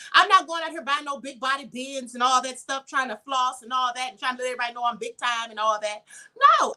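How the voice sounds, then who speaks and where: A woman's voice: sits high, sharp tone. A middle-aged woman, giving casual spiritual commentary and reading viewer comments in an emphatic, chatty way. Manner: emphatic and chatty, addresses viewers with "honey" and "okay?". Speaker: host of a livestream channel.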